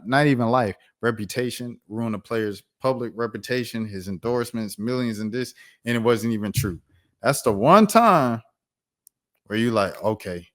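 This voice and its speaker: A man hosts a casual sports commentary show. He reads quotes in an even, low voice, then jumps up in pitch and volume to rant with heat. His voice is mid-pitched and conversational. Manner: animated, reads quotes flatly then rants loudly.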